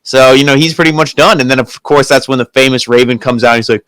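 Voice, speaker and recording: A man's voice: mid-range voice, fast, fairly bright tone, smooth, no room sound, rough recording. Male co-host, medium voice, easygoing, dry close mic. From Pennsylvania. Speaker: podcast co-host. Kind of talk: casual review chat.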